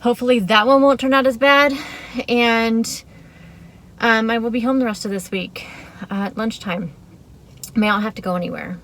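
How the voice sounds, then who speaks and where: A woman's voice: on the high side, steady tone, moderate pace, pauses often, a bit bright, slight background noise. A woman talking casually to her camera in a vlog, chatty and rambling, with fillers and restarts. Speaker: vlogger.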